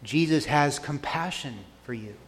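A man preaches from the pulpit with a slightly high, earnest voice. He leans hard on key words and draws phrases out slowly for emphasis. His voice rings with the long reverb of a church hall. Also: fairly bright tone. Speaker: pastor. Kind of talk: sermon.

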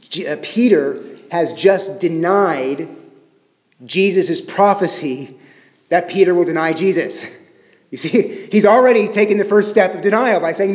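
A man preaching a sermon as pastor, talking conversationally and swinging between emphatic stresses and hushed, quiet phrases. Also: on the high side. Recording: echoey hall with long reverb.

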